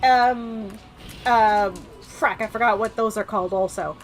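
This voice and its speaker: A woman's voice: fairly high pitch, measured pace, soft background music. A woman streamer giving casual, rambling gameplay commentary full of fillers. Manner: chatty, rambling, with many fillers.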